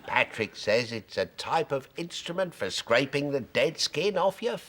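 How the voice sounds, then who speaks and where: A comic actor playing a jaunty, sing-song quiz show host in a sketch. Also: male voice, medium pitch, big pitch swings, a little slow, fairly bright tone, slight background noise. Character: chirpy game show host. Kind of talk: sketch comedy.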